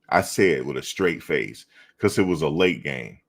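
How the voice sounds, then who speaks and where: A middle-aged man with a low, deep voice hosts a loose sports talk stream. He banters with his viewers in animated slang and hammers the same point over and over. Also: moderate pace. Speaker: live show host reading chat. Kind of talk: casual sports chat.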